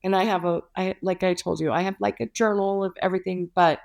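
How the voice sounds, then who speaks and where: A young woman, a podcast guest, chatting casually over a remote call and telling her story with animated, acted-out quotes. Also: on the low side, quick pace, gravelly. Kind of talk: casual chat.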